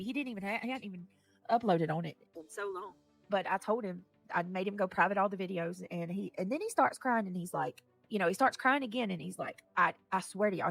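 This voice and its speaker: A woman, talking on a livestream in a rambling way that swings into loud, angry outbursts. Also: medium pitch, gravelly. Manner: rambling, repeats herself, grows angry and loud. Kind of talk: emotional livestream rant.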